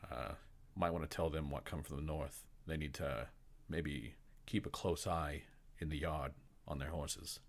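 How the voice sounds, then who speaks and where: Man voicing a gruff rural townsman, blunt, folksy drawl, very deep. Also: steady tone, measured pace, exaggerated voice. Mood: matter-of-fact.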